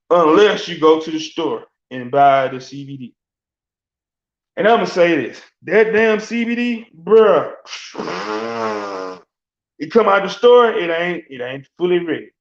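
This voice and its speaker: A man's voice: fairly high pitch, animated, measured pace, long pauses. A man, hosting a casual sports rant in a loose, slangy, rambling way with frequent laughs. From Alabama. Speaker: sports talk host. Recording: echoey room, dull lo-fi sound.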